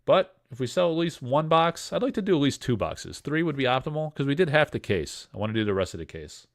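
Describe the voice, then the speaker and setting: A man's voice: medium pitch, big pitch swings, quick pace. A man hosting a casual livestream, joking and rambling while he reads chat comments aloud. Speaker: livestream host selling card breaks.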